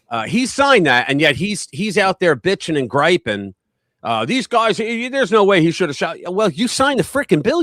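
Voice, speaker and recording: A man hosting a casual political live stream, talking in an animated, rambling way and acting out quotes in a raised voice. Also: a little high, dry recording.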